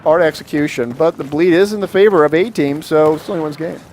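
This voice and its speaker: An excitable man calls a video game match live with a fairly high voice. He jokes and reads out viewer comments between plays. Faint game gunfire is heard behind him. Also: fast talker, slight background noise. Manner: excitable, jokey, reads viewer chat aloud. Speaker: esports commentator. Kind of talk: live esports play-by-play commentary.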